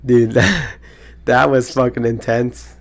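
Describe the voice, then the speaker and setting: A man around twenty hosting his own podcast, chatting casually in an excitable, rambling way full of slang and swearing. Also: medium pitch, slow. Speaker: podcast host. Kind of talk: casual solo podcast chat.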